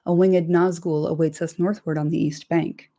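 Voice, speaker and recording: Woman reading as a soft-voiced sneering male orc, threatening and sly, low and warm tone. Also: flat delivery, moderate pace, lightly acted. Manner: mocking, threatening.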